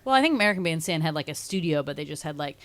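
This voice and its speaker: A woman's voice: sits low, animated, rapid-fire, a bit bright, dry recording. A young woman co-hosting a podcast, adding short jokey remarks and corrections to a movie recap. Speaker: podcast co-host. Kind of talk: casual chat.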